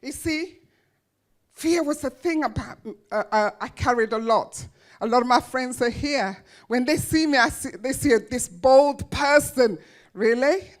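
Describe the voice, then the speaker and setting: A woman giving a motivational speech to an audience, telling her life story with emphatic, dramatic pauses and repeated phrases. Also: high-pitched. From grew up in a children's home. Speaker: motivational speaker.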